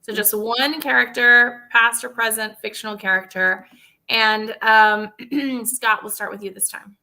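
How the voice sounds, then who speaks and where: Bright-voiced woman host. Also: on the high side, steady tone, a little slow, low-quality recording. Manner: upbeat, steers the talk. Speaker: bookstore event host. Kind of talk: hosting an online author event.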